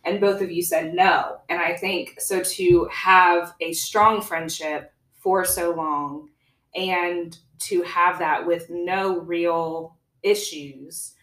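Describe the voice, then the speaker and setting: A woman's voice: fairly low pitch, steady tone, slow pace, fairly bright tone. A woman hosting a podcast interview, asking earnest, admiring questions. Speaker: podcast host. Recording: echoey room.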